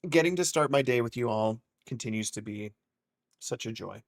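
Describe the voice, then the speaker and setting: A man's voice: medium pitch, moderate pace. A man casually commentating a live game stream, joking with chat and swearing freely. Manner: playful, profane, joking with chat.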